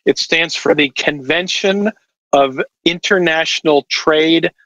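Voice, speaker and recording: A man's voice: a little high, slow, a bit bright, dry recording, dull audio. A man talking as a podcast guest over a video call, explaining at length with lots of fillers. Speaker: watch distributor guest. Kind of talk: casual podcast chat.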